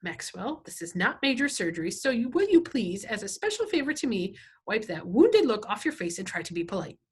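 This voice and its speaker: A woman's voice: mid-range voice, big pitch swings, a little fast, slightly rough. Woman reading as a prim, fussy grandmother. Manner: prim, proper, calls people dear.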